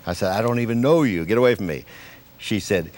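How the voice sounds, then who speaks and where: A man singing country songs on stage and telling a folksy anecdote in a slow, easy manner. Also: on the low side. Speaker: country singer. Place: concert hall stage. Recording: echoey stage with loud band.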